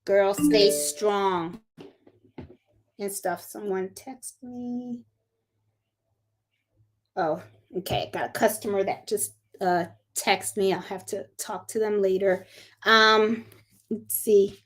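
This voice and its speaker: Slow-talking middle-aged woman hosting a livestream. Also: medium pitch, fairly even intonation. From Puerto Rico. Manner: chatty, greets viewers one by one. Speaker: crafting channel host. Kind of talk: casual livestream chat.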